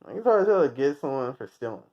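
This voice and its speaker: A man from the United States rambles through a crude, profane rant and keeps cracking himself up. His pitch swings a lot. The recording is muffled and lo-fi. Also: sing-song, quick pace. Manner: rambling, crude, laughs often at own jokes. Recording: dull lo-fi recording.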